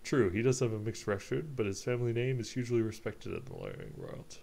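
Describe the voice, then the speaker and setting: Suave fox private eye, as a man puts him on, polite and knowing, with hints of mystery. His voice sits low and quietly assured. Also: very animated, quick pace, gravelly, slight background noise, full character voice. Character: smooth, knowing male fox private investigator.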